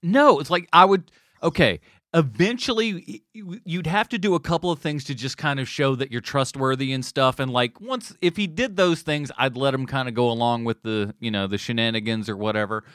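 A man hosting a casual podcast chat, rambling and animated as he reads listener questions. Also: medium pitch, brisk, no echo, studio quality.

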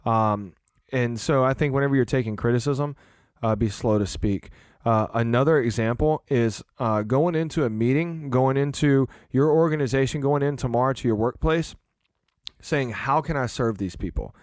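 Casting: man, podcast host and church leader, earnest loose chat, mid pitch, dry close mic. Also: normal speed, darkish tone, no echo. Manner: earnest, rambling with restarts and fillers.

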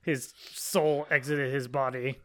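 A man co-hosting a casual anime podcast, explaining his points in a measured way. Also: medium pitch, level tone. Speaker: podcast co-host.

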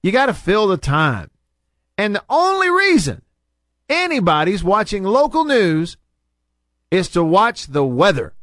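A man hosting a radio show, ranting and bantering in a casual, animated way from the studio. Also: dry recording. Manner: animated, rants with big pitch jumps.

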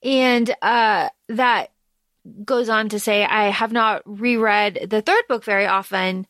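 A woman co-hosting a book podcast, telling stories in an animated, rambling way with restarts. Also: medium pitch, takes it slowly, dry recording. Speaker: podcast co-host. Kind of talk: casual chat.

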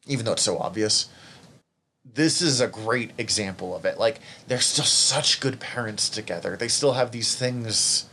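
A man's voice: mid-range voice, a bit bright, slight background noise. Candid, emotional man in casual chat. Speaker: podcast co-host.

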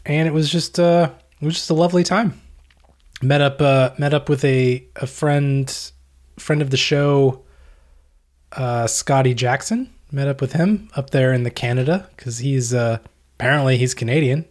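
A man co-hosting a podcast in casual chat, telling a travel story with deadpan jokes and a rambling manner. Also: medium pitch, moderate pace. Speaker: podcast co-host.

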